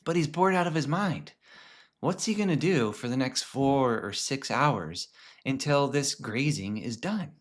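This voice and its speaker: A man presenting a lesson on film characters, telling a story in a conversational way with frequent restarts and some soft, hushed stretches. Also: medium pitch, animated, unhurried. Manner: conversational, many restarts, drops to a hush at times.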